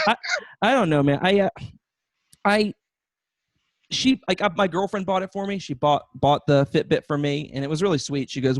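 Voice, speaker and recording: A man's voice: a little high, moderate pace, pauses often, no echo, clean studio sound. A young man doing a self-mocking, profane stand-up set over a video call, laughing at his own jokes. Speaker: stand-up comedian.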